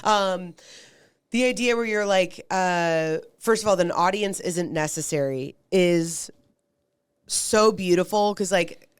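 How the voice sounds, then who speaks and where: A woman's voice: fairly low pitch, takes it slowly, clean tone, no room sound, studio quality. A woman hosting a live podcast taping in a bookstore, who affirms her guest and reflects on what he has said. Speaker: podcast host. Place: bookstore event space.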